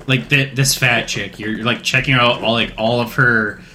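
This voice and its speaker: A man's voice: medium pitch, steady tone, normal speed, bright, forceful tone. A man on a podcast throwing in wisecracks during casual chat. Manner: wisecracking, drawn out. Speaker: podcast co-host.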